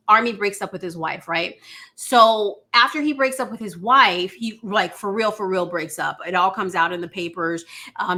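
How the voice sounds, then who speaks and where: A woman casually recapping a TV series at home, chatty and animated, tossing in filler asides as she retells the story. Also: medium pitch. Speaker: show recap reviewer. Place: home room by a glass sliding door.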